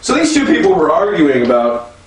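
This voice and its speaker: A man's voice: a little high, sing-song, fairly quick. A man telling a crude, exasperated comedy rant about strangers, acting out their voices as he goes. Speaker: stand-up comic. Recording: echoey room, mic at a distance, faint background noise.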